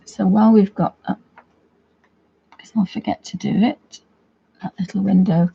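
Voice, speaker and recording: A woman's voice: mid-range voice, steady tone, normal speed, gravelly, warm tone, husky, highs cut off. A woman chatting casually as she walks through a coloring tutorial at home, rambling a little as she works. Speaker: craft video host.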